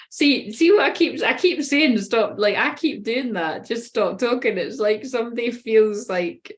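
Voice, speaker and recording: Rambling giggly woman reading tarot cards. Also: medium pitch. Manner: rambling, giggly, sweary and chatty. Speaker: tarot reader. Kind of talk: casual live tarot reading.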